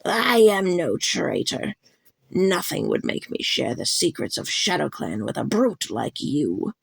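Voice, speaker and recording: A woman voicing an old, hostile she-cat prisoner, growling slowly and defiantly in an audiobook reading. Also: deep voice, animated, vocal fry, breathy edge, no echo, pitched below the performer's own voice, full character voice. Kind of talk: audiobook character voice.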